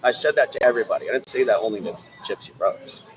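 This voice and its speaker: Talking quickly over music, this livestream host rambles through a solo rant aimed directly at viewers and chat. His volume swings from loud bursts down to muttering, and the audio quality is poor.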